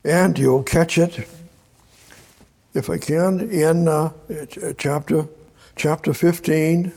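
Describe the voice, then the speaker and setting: A man's voice: a little high, fairly even intonation, slow pace, creaky, a little mellow. A man preaching a sermon, reading scripture aloud in a conversational, repetitive way. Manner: conversational, repeats words, reads scripture aloud. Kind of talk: sermon, Bible study.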